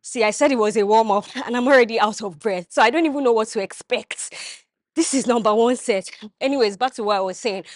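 A woman's voice: on the high side, fairly quick, dry recording, studio quality. A young woman vlogging her workout in a gym, coaching viewers with energy as she demonstrates the exercises. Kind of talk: instructional workout vlog.

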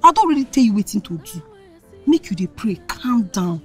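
Lecturing Nigerian woman, lively voice. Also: medium pitch, moderate pace, husky, soft background music. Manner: lecturing, soothing. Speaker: advising friend. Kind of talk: Nigerian film dialogue in Pidgin.

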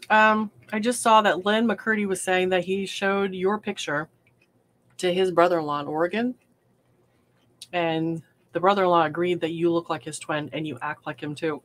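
A woman's voice: on the low side, steady tone, moderate pace, a bit bright. Chatty woman on a livestream. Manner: chatty, self-deprecating, laughs often. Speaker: livestream host. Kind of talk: casual livestream chat while crafting.

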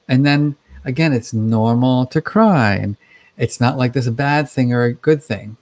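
A man's voice: mid-range voice, a little slow, darkish tone. A man speaking as a guest expert in a conversational interview, explaining things in a chatty way with many fillers.

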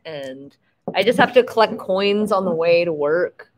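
A woman's voice: lowish voice, animated, unhurried, a crowd in the background. A tipsy woman from Florida co-hosting a casual livestream, giggly and playful. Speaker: livestream co-host.

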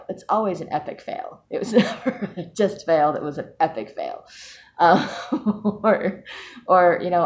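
A woman's voice: deep voice, darkish tone. A woman talking casually to camera in a personal vlog, chatty and self-mocking, laughing often. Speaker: vlogger.

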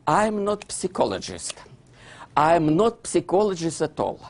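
A man with a Russian accent, not a native English speaker, giving an animated lecture, dropping articles and constantly checking in with "yeah?". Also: a little high, unhurried, slight background noise. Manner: keeps asking "yeah?" to check his listeners; non-native grammar, drops articles.

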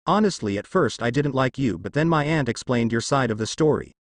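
A cocky, awkward teenage boy hero, as a male narrator reads him out, with a lively, bouncing pitch. His delivery is casual, wry and teasing, with a dry, close sound. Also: brisk, no echo, close to an everyday voice.

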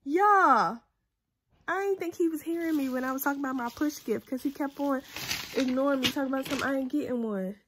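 A woman's voice: high-pitched, fast, slight background noise. A young woman chatting casually to her viewers in a vlog, bubbly and talkative, filmed on a handheld phone. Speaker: vlogger.

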